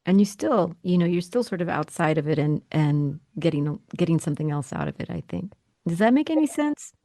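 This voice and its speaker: A woman's voice: on the low side, expressive, brisk, dark tone, no echo, studio quality. A woman co-hosting a podcast, discussing a short story in a thoughtful, hedging way that often checks for agreement. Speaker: podcast co-host. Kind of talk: casual literary discussion.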